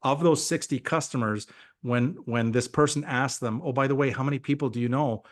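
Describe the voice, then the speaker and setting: A man giving an energetic, motivational sales talk on a team call. He often repeats himself and acts out quoted conversations. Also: medium pitch, a little fast. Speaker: guest speaker on a team call. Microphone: call audio.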